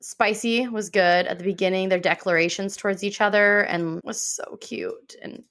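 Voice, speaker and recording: A woman's voice: mid-range voice, fairly even intonation, fairly bright tone. A woman co-hosting a podcast, chatting casually and eagerly about books she has read. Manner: chatty, enthusiastic, quick to joke. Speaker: podcast co-host. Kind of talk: casual book chat.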